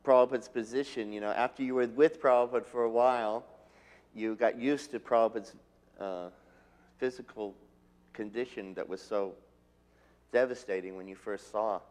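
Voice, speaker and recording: Low-voiced man, earnest memories. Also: fairly even intonation, moderate pace, a little mellow. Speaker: disciple recalling his teacher. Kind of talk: reminiscing interview.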